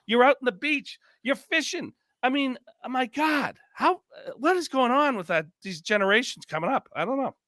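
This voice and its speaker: A man in a casual podcast chat whose voice sits high and swings widely in pitch. He talks in an animated, rambling way, restarting sentences and leaning on "you know". The sound is dry, with no room around it. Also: moderate pace, few pauses, no room sound. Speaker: podcast guest, former reality show contestant.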